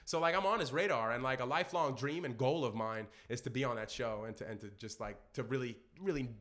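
A young man with a New York accent, a podcast guest telling stories in an animated way and acting out the quotes. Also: mid-range voice, fast talker. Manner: animated storyteller, acts out quotes loudly. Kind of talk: casual storytelling chat.

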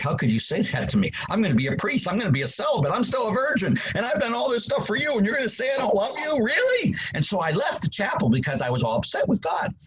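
A man's voice: slight background noise, poor audio. A man in his sixties, a priest, telling his story in an interview and acting out quotes with big jumps in voice. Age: 60s. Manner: animated preacher, acts out quotes with big pitch jumps.

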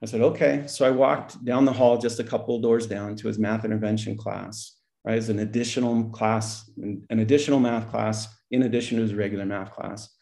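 A middle-aged man tells a story in a conversation, with a dark, mellow tone and a rough, gravelly edge. He acts out the dialogue as he goes and laughs often. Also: on the low side, fairly even intonation, a little fast, hardly any pauses. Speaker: podcast guest, school principal.

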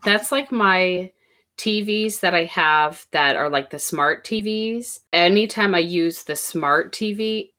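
A woman's voice: lowish voice, slow, bright, forceful tone. A young woman co-hosting a podcast with her mother, joking, swearing casually and laughing a lot. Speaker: podcast co-host, daughter. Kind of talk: casual chat.

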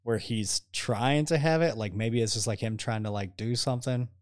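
A man's voice: mid-range voice, normal speed, no echo, studio quality. A young man co-hosting a casual podcast, laid-back with short replies and casual swearing. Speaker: podcast co-host. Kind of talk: casual chat.

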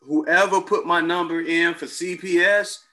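A man's voice: fairly high pitch, unhurried. A man in casual chat, telling stories with slang and lots of cursing. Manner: profane, animated storytelling with slang.

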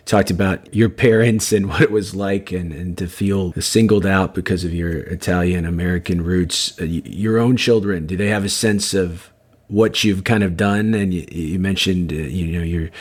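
A man hosting an interview podcast, asking measured questions and thanking his guest. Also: deep voice, steady tone, breathy edge. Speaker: podcast host. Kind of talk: interview and outro.

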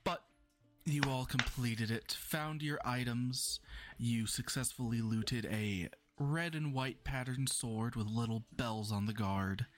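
A man's voice: mid-range voice, slow. Casting: man, game master for a casual tabletop podcast, easygoing narration, faint music underneath. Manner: relaxed, laughs often.

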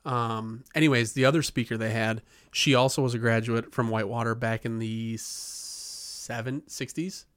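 A man in his thirties, a podcast co-host, telling stories in casual chat, animated, laughing and swearing often. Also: medium pitch, moderate pace, hardly any pauses, clear, resonant tone, no echo, clean studio sound. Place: podcast studio.

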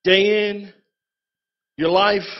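A man pastor preaching a sermon in a lively, conversational way, calling out to his congregation. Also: sits high, drawn-out words, muffled recording.

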